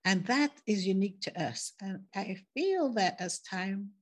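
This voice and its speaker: A woman's voice: mid-range voice, expressive, a little slow. An older woman who grew up in the Caribbean, speaking reflectively as a podcast guest and laughing easily. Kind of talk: conversational interview.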